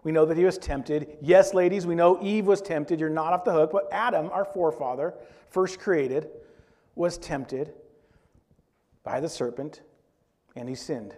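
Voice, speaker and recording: Man preaching, mellow and conversational. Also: a little high, measured pace. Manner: conversational preaching with rhetorical questions to the congregation. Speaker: pastor. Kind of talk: sermon.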